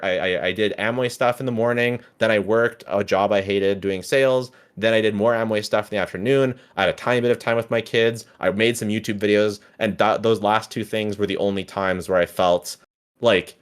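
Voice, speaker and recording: A man in his thirties recounts his story in casual talk, his voice sitting fairly low. He stumbles and restarts often, sometimes slipping into the voices of people he quotes. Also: fairly even intonation, fairly quick, clean tone. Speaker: guest.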